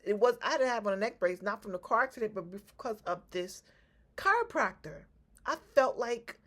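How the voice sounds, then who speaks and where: A middle-aged woman telling a personal story in casual chat, rambling with restarts and filler words. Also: medium pitch. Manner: rambling, repeats herself, many restarts and ums. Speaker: vlogger.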